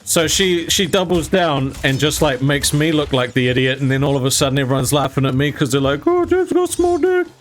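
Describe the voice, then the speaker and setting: A man's voice: medium pitch, fairly quick, hardly any pauses. A young man casually telling a jokey story, swearing now and then and acting out what people said. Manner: animated, jokey, swears casually, acts out quotes. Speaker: gaming YouTuber.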